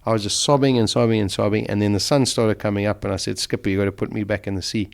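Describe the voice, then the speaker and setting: A man's voice: fairly low pitch, fairly even intonation, fast, gravelly. A middle-aged man, a guest in an interview, vividly and emotionally retelling a survival ordeal. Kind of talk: storytelling in an interview.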